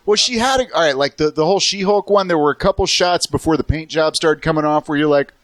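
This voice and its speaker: A man's voice: a little high, a bit bright, no room sound. Crude joking podcast guy. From South Texas. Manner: crude, joking, does quick impressions. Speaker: podcast host. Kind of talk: casual chat.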